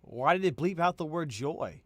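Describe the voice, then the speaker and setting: A man's voice: fairly high pitch, animated, moderate pace, slight background noise. A man reacting to a video in casual commentary, incredulous and stammering, often laughing.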